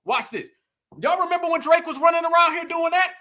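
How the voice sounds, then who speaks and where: Fired-up man with a very high, bright voice. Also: fairly quick. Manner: fired-up, keeps asking the audience rhetorical questions. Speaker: commentator. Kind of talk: emphatic online commentary.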